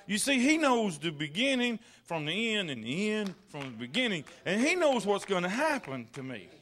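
A man's voice: sits high, very animated, normal speed, a bit bright. A man preaching a sermon in church, telling folksy stories, repeating his words and building to fervent peaks. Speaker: pastor. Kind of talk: sermon with personal anecdotes.

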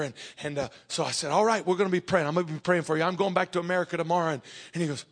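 Animated high-voiced man preaching. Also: quick pace, creaky, husky. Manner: animated storyteller acting out dialogue, shifts from shouting to hushed. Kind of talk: sermon storytelling.

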